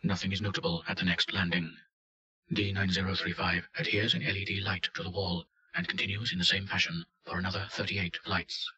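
A man giving a scripted narration of a report in a flat, matter-of-fact delivery. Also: low voice, a little fast, highs cut off. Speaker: reader.

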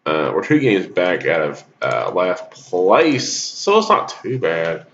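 A man's voice: low voice, big pitch swings, takes it slowly, fairly bright tone, highs cut off. A man giving rambling, casual commentary on a mobile game, coughing and sneezing with a cold. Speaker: gaming YouTuber.

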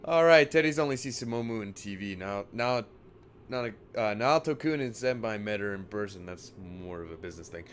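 Joking Texan game streamer. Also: male voice, lowish voice, animated, fairly quick, slight background noise. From Texas. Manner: joking, reacting aloud. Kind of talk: casual gameplay commentary. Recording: game music behind.

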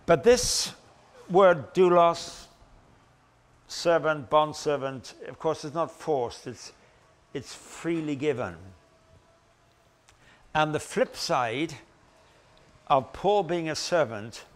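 A man giving a Bible lecture in a conversational way, pausing and restarting, with gentle self-deprecating humor. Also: a little high. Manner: halting, with restarts and pauses. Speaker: Bible teacher.

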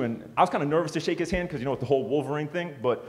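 Male motivational speaker, rapid delivery, joking storyteller, reverberant hall. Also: fairly high pitch. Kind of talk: storytelling speech to an audience.

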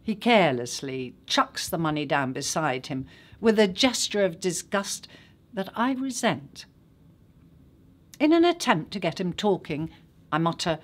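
An actress reading a literary short story aloud in a measured, unhurried way. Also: female voice, on the low side, very animated.

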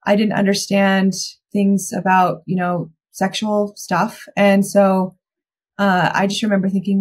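Husky-voiced woman recounting her past. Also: mid-range voice, flat delivery, unhurried. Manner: candid, reflective storytelling. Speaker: interview guest. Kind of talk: personal account in a podcast interview.

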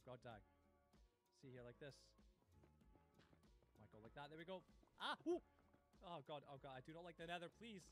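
A man's voice: medium pitch, brisk, pauses often, a bit bright. A man hosting a live gameplay stream, chatting to viewers and breaking into panicked outbursts. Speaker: livestream host. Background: faint background music.

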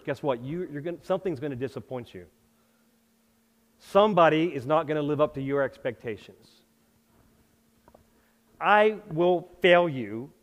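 A middle-aged male pastor preaching a sermon in a conversational, self-deprecating way, with lively asides. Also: on the high side. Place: church sanctuary. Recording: long hall reverb.

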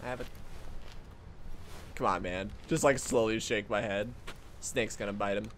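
A man giving casual, jokey commentary over a video game, excitable and prone to yelling. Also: fairly low pitch, moderate pace. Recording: game noise under the voice. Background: game sounds.

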